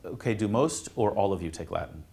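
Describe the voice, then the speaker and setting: A man, a priest, teaching students in a classroom in a casual, halting way, with many fillers and restarts. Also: on the low side, lively intonation, gravelly, warm tone, a little hiss or hum. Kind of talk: informal classroom talk.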